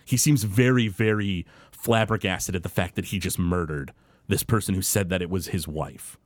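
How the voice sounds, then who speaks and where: A man running a tabletop fantasy game as its game master. He narrates casually, with plenty of fillers. His voice is on the low side, and the recording is dry and close. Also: moderate pace, no echo.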